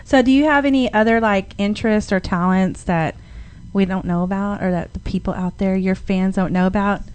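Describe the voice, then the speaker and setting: A woman's voice: medium pitch, a little fast, a little mellow, clean tone. A woman hosting a radio interview in a studio, reacting eagerly to her guest and laughing often. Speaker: radio host.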